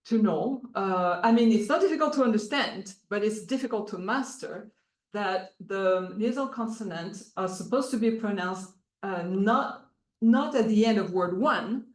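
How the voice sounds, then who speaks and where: Woman, conference presenter, explanatory academic delivery with many fillers, echoey room. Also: medium pitch. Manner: explanatory, halting with frequent fillers. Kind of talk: academic talk.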